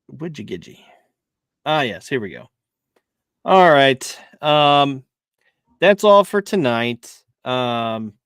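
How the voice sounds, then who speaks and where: Slow, rambling man at his desk. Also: mid-range voice, fairly bright tone, clean tone, no room sound. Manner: rambling, many fillers and restarts, laughs easily. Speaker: podcast co-host. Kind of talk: casual chat.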